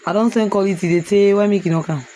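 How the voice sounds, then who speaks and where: A woman from Sierra Leone with a Krio accent, vlogging outdoors in a family compound on a handheld phone. She teases with quick questions and also explains things. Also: medium pitch, steady tone, mellow, slight background noise. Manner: teasing, rapid questioning, then explaining. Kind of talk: casual vlog talk, teasing and touring.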